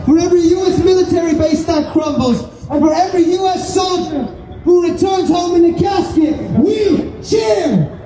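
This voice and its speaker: A man giving a fiery speech, shouting it out loud. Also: very high-pitched, normal speed, reverberant, a crowd in the background, background noise.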